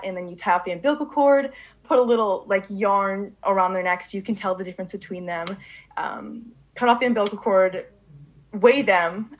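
A woman's voice: medium pitch, dull audio. A teenage girl in an interview, telling a long story eagerly and rambling, with frequent fillers and restarts. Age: late teens. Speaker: interviewee, student puppy breeder.

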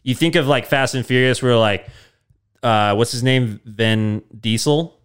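Rambling comedic man, smooth voice. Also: medium pitch, measured pace. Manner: rambling, deadpan, full of fillers. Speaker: podcast host. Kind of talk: casual comedic storytelling.

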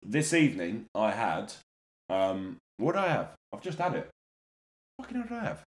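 Young London lad, podcast co-host, swears and laughs a lot, animated delivery, echoey room. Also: male voice, lowish voice, normal speed. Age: young adult. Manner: laughing, sweary, mock-solemn asides. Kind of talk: casual banter.

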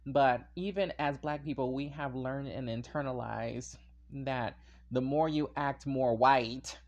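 A man's voice: medium pitch, a little slow. A man hosting a podcast on his own, talking casually and animatedly, wandering into tangents and laughing often. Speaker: podcast host. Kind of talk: casual solo podcast monologue.

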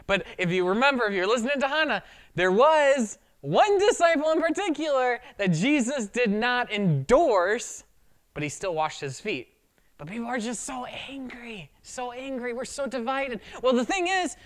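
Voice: mid-range voice, big pitch swings, normal speed. A pastor preaching a sermon in a conversational way, acting out quotes along the way.

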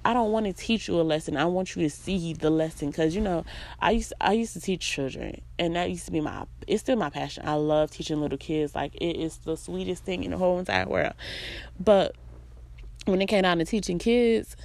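A woman's voice: lowish voice, brisk, a little mellow. A woman giving a blunt, profane, emphatic personal monologue, hammering her points home with repeated phrases. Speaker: vlogger.

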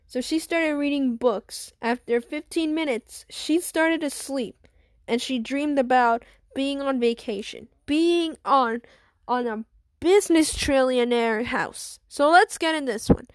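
A woman's voice: high-pitched, measured pace, dry recording. A woman telling an improvised story in a loose, rambling way.

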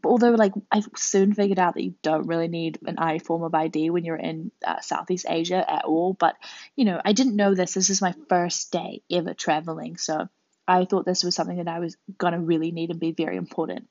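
A young woman hosts a podcast and tells a travel story in a rambling, chatty monologue packed with fillers. Her fairly low, slightly mellow voice runs a little fast with fairly even intonation. The home recording is dull, lo-fi, and dry, with no echo.

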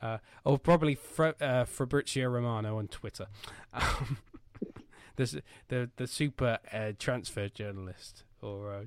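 A man's voice: medium pitch, measured pace, smooth, no room sound. Male podcast host, rambling jokey chat, dry room. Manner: jokey and rambling, with many fillers. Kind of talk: casual football chat. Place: home.

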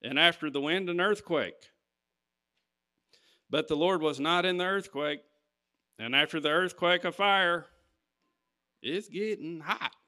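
A man's voice: a little high, measured pace, pauses often, bright, forceful tone. A man preaching a sermon, reading scripture and talking to the congregation in an emphatic, conversational way.

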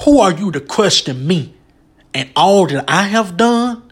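A man's voice: fairly high pitch, slow pace. A man voicing God as a mighty, stern male figure, screaming out challenging questions. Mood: thundering.

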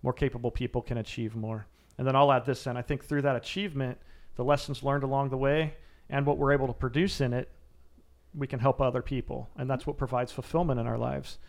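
A man's voice: mid-range voice, fairly even intonation, brisk, gravelly. A man, a former soldier turned mental coach, answering interview questions in an earnest, emphatic coaching manner. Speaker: guest, former Navy SEAL and mental coach.

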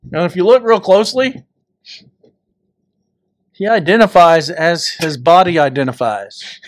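A man's voice: on the high side, unhurried, no echo, studio quality. A man co-hosting a podcast, teasing and playful in casual chat. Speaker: podcast co-host.

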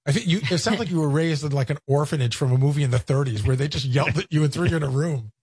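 Brief: sheepish stammering man, raspy high voice. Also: racing, a little mellow. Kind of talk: casual radio talk.

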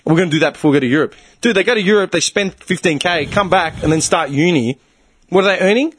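A man's voice: sits high, quick pace, a bit bright, slight background noise. Swearing Australian man in casual chat. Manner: swears a lot, rambling storyteller. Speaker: podcast co-host.

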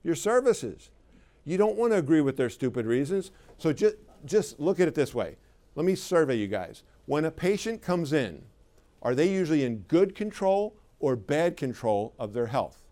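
A man's voice: fairly high pitch, sing-song, normal speed, warm tone. Emphatic man giving a sales seminar. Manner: conversational, emphatic, asks the audience questions. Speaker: sales trainer for clinic owners. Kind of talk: live seminar talk to an audience.

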